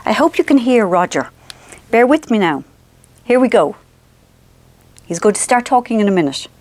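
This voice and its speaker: A middle-aged Irish woman chatting to camera at home, animated and self-mocking. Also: a little high, moderate pace, no room sound. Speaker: vlogger. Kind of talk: casual chat to camera.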